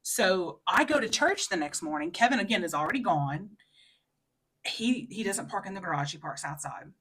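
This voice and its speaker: A woman's voice: lively intonation, moderate pace, breathy edge. A woman in her thirties, a podcast co-host, telling a story in casual chat with many fillers and acted-out quotes. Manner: acts out quotes in a high, loud voice.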